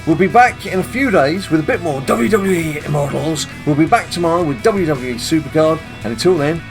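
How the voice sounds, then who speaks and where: A man's voice: fairly high pitch, animated, brisk, over music. Chatty British man narrating gameplay. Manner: chatty, addresses viewers, chuckles often. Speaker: gaming channel host. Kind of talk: casual gameplay commentary.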